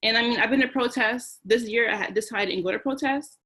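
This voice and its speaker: A woman's voice: fairly high pitch, fast, bright, forceful tone. Earnest, emotional woman on a panel. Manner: emotional and earnest, repeating phrases. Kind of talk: online panel discussion.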